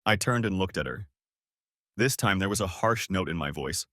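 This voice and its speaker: Male audiobook narrator: dramatic, expressive first-person reading, low and animated, dry close mic. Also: normal speed, no room sound.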